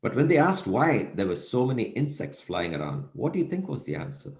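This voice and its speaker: A man's voice: mid-range voice, wildly swooping pitch, fairly quick. A man giving a recorded lecture, telling a story and asking the audience rhetorical questions. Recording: echoey room.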